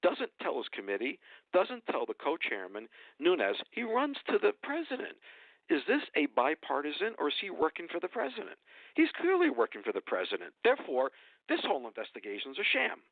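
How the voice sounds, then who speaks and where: A man's voice: a little high, huge pitch swings, moderate pace, creaky, dry recording. Indignant man ranting over a phone line. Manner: indignant, emphatic, repeats phrases for effect. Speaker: radio guest commentator. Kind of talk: heated political rant. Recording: dry tinny phone line.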